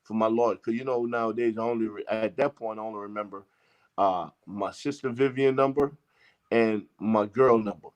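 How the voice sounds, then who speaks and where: A man's voice: lowish voice, fairly even intonation, moderate pace. A man from Jamaica, a guest telling a long story in casual, profane talk and acting out the lines of the people in it. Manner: profane, emphatic, acts out quoted exchanges. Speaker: interview guest.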